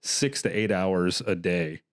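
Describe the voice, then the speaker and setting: A man's voice: deep voice, steady tone, slow pace, no room sound, studio quality. A man hosting a horror film podcast, chatting casually and loosely with lots of fillers and laughs. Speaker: podcast host. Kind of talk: casual chat.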